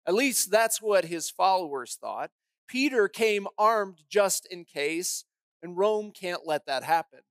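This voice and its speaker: A woman's voice: on the low side, animated, slow, no echo. Woman pastor, sermon, dramatic emphatic storyteller, dry close recording. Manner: dramatic, emphatic storytelling with pointed rhetorical questions.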